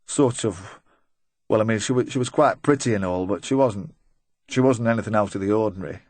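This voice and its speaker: A male audiobook reader voices a middle-aged van driver who is nervous, rambling, eager to please, and quick with a weak joke, sounding chatty but uneasy. His dark-toned voice sits low and close, recorded dry with no room sound, and stays close to an everyday voice.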